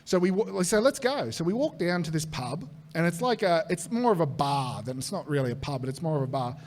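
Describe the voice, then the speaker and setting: A man with an Australian accent, a comedian guest telling a long comic anecdote to a live audience, animated and swearing as he acts out the voices in it. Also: on the high side, a little fast.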